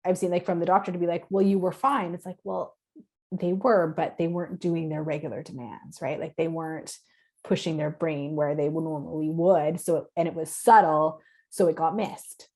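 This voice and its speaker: A woman with a low voice talks through her clinical approach on a podcast. She speaks earnestly and straight to the listener. Her voice is going hoarse as she talks. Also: steady tone, normal speed, warm tone. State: losing her voice. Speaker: concussion clinician guest. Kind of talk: podcast interview.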